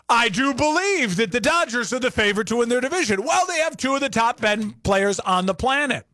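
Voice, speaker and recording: A man's voice: very high voice, big pitch swings, a little fast, few pauses, pushed and bright, dry recording, studio quality. A man hosting a sports talk show, ranting with rhetorical questions in opinionated commentary.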